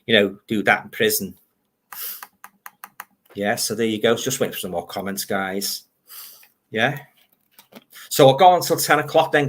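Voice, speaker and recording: This livestream host is an older man with a Liverpool accent who reads viewer comments aloud, grumbles, and rambles casually about films. His voice is medium-pitched and a bit bright.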